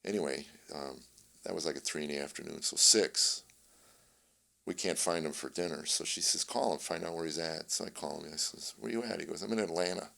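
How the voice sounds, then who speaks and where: A man's voice: a bass voice, brisk, vocal fry. An older man, a comedian guest in an interview, telling family stories and acting out the dialogue. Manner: animated storyteller, acts out family dialogue. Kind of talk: casual storytelling interview.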